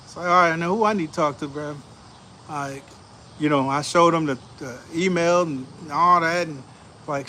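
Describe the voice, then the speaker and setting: A man with a high, bright voice tells stories on a back porch in a loose, animated way, laughing as he talks. Crickets and insects chirp faintly behind him. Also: a little hiss or hum. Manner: animated, laughing, slangy storytelling. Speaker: show host. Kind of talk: casual storytelling chat.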